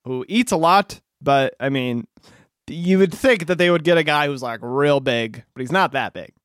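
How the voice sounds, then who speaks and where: A man's voice: a little high, moderate pace, fairly bright tone, smooth, no echo, clean studio sound. A man co-hosting a casual chat, recapping a film in a loose, joking way with some swearing. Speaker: podcast co-host recapping a film.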